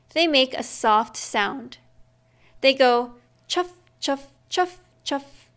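Slow, high-voiced woman reading a picture book. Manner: slow, gentle reading with sound effects. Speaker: storyteller. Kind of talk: children's picture book read-aloud.

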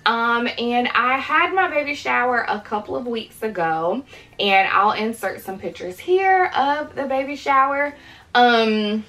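A young woman in late pregnancy, out of breath and breathy, chatting to viewers in a casual unboxing vlog. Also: a little high, pushed and bright, low-quality recording. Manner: chatty, addresses viewers as "you guys". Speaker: vlogger.

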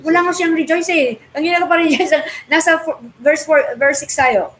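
A Filipino woman teaching a Bible study class, quizzing her students with lively questions and switching freely between English and Tagalog. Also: high voice, fast talker, a little hiss or hum, rough recording. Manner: animated, mixes English and Tagalog.

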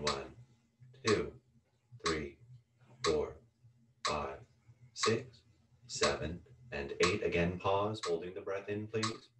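A man with a low, deep voice leads a guided yoga breathing practice, counting each inhale and exhale in a slow, calm cadence. He sits away from the mic in an echoey room. A metronome ticks loudly behind him. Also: background noise. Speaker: yoga teacher. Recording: roomy sound from a distant mic with a loud ticking metronome. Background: metronome clicking once a second.

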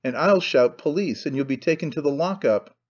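A man's voice: a little high, lively intonation, fairly quick, slightly rough, dull audio. A man voicing a panicky, nervous man who stammers out fussy protests. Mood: alarmed.

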